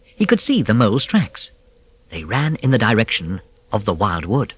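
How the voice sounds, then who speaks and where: An audiobook narrator reading a classic storybook, expressive, with whispered moments of suspense. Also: mid-range voice, moderate pace, very noisy.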